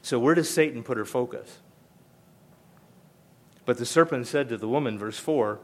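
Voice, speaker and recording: An older male pastor delivers a sermon in a voice of ordinary middle pitch. He talks conversationally but with emphasis, repeating key points to drive them home. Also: moderate pace, long pauses.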